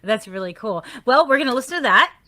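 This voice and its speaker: A woman with a Southern American accent hosting a radio show, chatting warmly and gushing about the music with frequent laughs. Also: a little high, expressive, fast. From Southern United States. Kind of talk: casual radio show chat.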